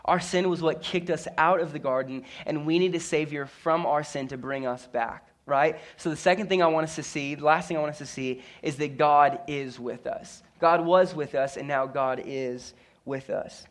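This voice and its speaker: A man's voice: on the high side, normal speed. A man preaching a sermon as pastor, telling a story earnestly with stammered restarts and repeated words.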